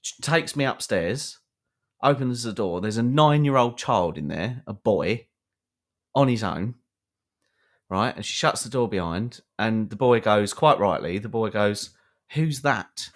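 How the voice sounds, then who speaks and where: Man, lowish voice, rambling comic anecdote, podcast host. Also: unhurried. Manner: animated anecdote with many fillers and acted quotes. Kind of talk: storytelling to a co-host.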